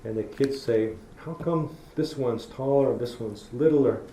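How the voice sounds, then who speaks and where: A man's voice: mid-range voice, measured pace, warm tone. A middle-aged man giving a public talk, telling folksy stories and acting out how he talks to children. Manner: storytelling, folksy, acts out talking to kids. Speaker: public lecturer. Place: university lecture hall. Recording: echoey lecture hall with faint noise.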